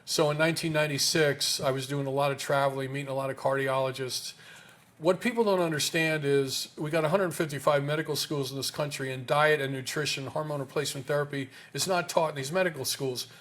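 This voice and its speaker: A man's voice: on the high side, fairly even intonation, fast, a bit bright. A man in an interview talking casually about health research, emphatic, with rhetorical questions and frequent restarts.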